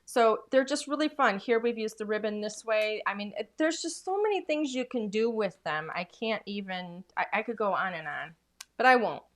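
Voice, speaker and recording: A woman's voice: medium pitch, animated, normal speed. A woman demonstrating craft products in a casual, chatty way, full of enthusiasm and filler words.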